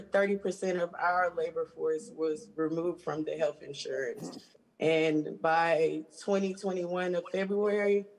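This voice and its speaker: A woman from Georgia, a union stage hand, speaking haltingly and emotionally on a video call. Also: fairly low pitch, a little mellow, poor audio. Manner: halting, emotional, with many restarts.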